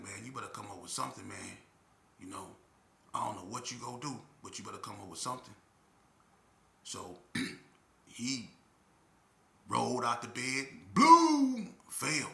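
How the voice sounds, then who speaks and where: A man's voice: mid-range voice, vocal fry, roomy sound. A man telling a story in casual chat and acting out the people he quotes. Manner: animated, acts out quotes loudly. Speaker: storyteller guest.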